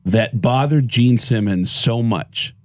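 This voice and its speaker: A man telling stories as a comedian guest on a morning radio show, animated and slipping into voices. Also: medium pitch, slow pace, dry recording, clean studio sound. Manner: animated, puts on voices in anecdotes. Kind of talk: casual storytelling on radio. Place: radio studio.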